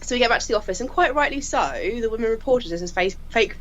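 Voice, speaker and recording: A woman, a crime scene investigator telling lively anecdotes and acting out what people said, often laughing. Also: on the high side, fast, muffled recording, noisy background. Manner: lively, laughing storyteller who acts out quotes.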